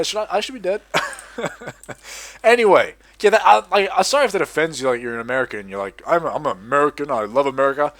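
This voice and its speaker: A young Australian man rambling and swearing through casual commentary while playing a video game, with sudden excited outbursts. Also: a little high. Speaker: gaming commentator.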